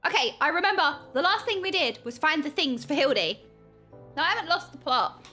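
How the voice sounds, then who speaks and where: Playful girl streaming a game, high lively voice, bright, faint music behind. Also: brisk. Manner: giddy, playful, squeals when excited. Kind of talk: casual game stream commentary.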